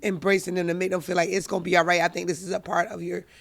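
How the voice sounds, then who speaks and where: Gravelly middle-aged mother telling stories. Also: on the low side, flat delivery, very fast. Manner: dramatic storyteller, acts out quotes. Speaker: guest, mother. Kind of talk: casual chat.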